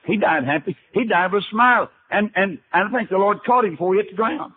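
Folksy older preacher on a tinny recording. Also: male voice, sits high, fast talker, a little hiss or hum. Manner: folksy storytelling, acting out Bible dialogue. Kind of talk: sermon. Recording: tinny archival sermon recording.

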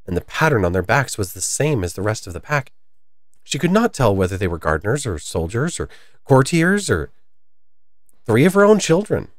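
A man reading a classic children's story aloud in a lively, expressive way. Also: fairly low pitch, fairly quick, no echo, clean studio sound.

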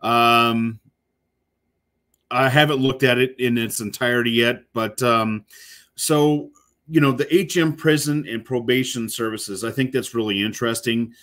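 A man's voice: mid-range voice, fairly even intonation, a little slow, fairly bright tone. A man, a corrections officer, giving casual, rambling commentary while reacting to a video, with many fillers and restarts.

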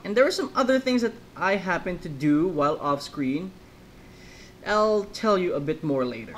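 A man's voice: sits high, animated, moderate pace, fairly bright tone, slight background noise, poor audio. A man giving casual let's-play commentary, rambling between jokey asides.

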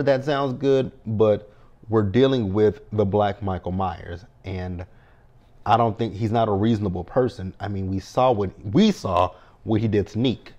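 A man's voice: on the low side, a little mellow, dull audio. A man hosting a casual TV episode recap, retelling scenes in a chatty way, often tagging "right?" and swearing as he reacts. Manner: swears, slips into quoted reactions. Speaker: TV recap host.

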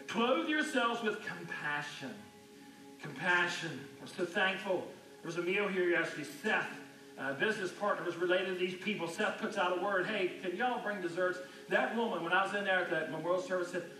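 A man preaching a sermon as a pastor, talking in a conversational way and dropping to a hushed voice when telling stories. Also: high voice. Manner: conversational, drops to a hushed near-whisper in stories. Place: church sanctuary. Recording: echoey church hall, mic at a distance.

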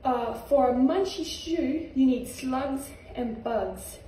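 A woman's voice: high voice, takes it slowly, warm tone, a little hiss or hum. A woman with an Australian accent voicing a prickly, bossy male echidna who lectures. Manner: bristling, lecturing. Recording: echoey room, far from mic.

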